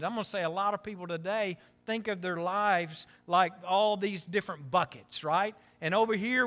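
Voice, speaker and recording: Man, pastor, high voice, middle-aged, conversational sermon, joking asides. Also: a bit bright. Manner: conversational, self-deprecating humor, repetitive asides.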